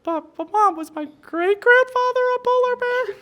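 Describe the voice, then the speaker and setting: A man voicing a small baby polar bear cub in a squeaky, pleading voice while telling a joke. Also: moderate pace, sharp tone.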